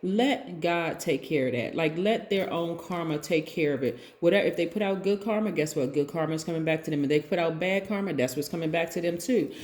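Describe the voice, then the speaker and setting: A woman with a lowish voice gives a relaxed spiritual tarot reading to her viewers. She talks in a chatty, conversational way and keeps tossing in rhetorical questions. Her voice rings out in a roomy, echoey space. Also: fairly quick, hardly any pauses. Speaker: tarot reader. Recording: roomy echo.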